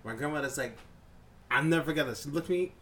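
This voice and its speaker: A man casually telling a long story on a podcast, profane and animated, acting out scenes and sounds. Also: fairly high pitch, quick pace. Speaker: podcast co-host.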